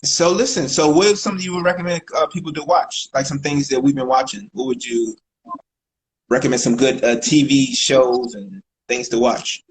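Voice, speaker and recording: A man's voice: mid-range voice, steady tone, moderate pace, rough recording. Laid-back man with a DC accent. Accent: Washington DC. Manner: laid-back, joking, short interjections. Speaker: co-host. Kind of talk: casual chat on a live stream.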